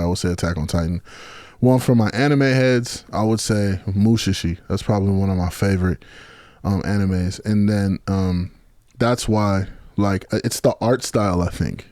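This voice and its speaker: A man's voice: on the low side, darkish tone, no room sound, studio quality. A man being interviewed on a podcast, talking in a laid-back, slangy way with lots of swearing and fillers. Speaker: podcast guest, beatmaker. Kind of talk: casual chat.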